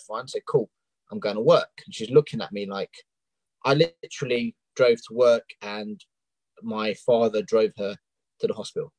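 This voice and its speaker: A man from England with a London accent speaks candidly in a casual interview and often pauses on "um." His voice sits low to mid in pitch, and the sound is dry and close, with little room behind it. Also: a little mellow, no echo, low-quality recording. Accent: London English. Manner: open and candid, with many ums. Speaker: coaching client guest. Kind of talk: casual interview on a live stream.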